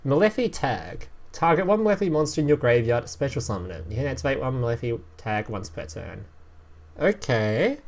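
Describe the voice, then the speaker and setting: Animated swearing male streamer. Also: medium pitch, normal speed. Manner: animated, swearing, laughing, reading card text aloud. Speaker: streamer reviewing game cards. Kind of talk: casual live-stream commentary.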